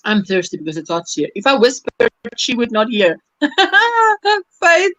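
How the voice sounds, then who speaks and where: A woman hosts a casual crochet livestream, her voice high and swinging widely in pitch as she laughs and reads out comments. The sound is close and dry, with no room around it. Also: wildly swooping pitch, a little slow, a bit bright, no echo, rough recording. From South Africa. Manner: laughs often, reads viewer comments aloud.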